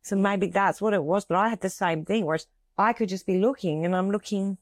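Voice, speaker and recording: A middle-aged woman co-hosting a conversation, speaking haltingly and searching for words as she opens up about feelings. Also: medium pitch, no room sound. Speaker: podcast co-host. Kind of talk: casual emotional conversation.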